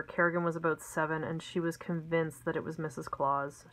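Middle-aged lady walking you thru a craft at her desk, kinda low voice, chatty, lots of ums. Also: steady tone, normal speed, hardly any pauses, a bit bright, rough recording. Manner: chatty, homey, with frequent ums and asides. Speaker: craft tutorial host. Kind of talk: casual step-by-step craft lesson. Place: home craft desk, indoors.

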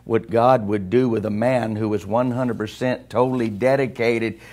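This pastor has a lowish, darkish voice with fairly even intonation and a moderate pace. He preaches a sermon in the church sanctuary conversationally, repeatedly asking the congregation questions.

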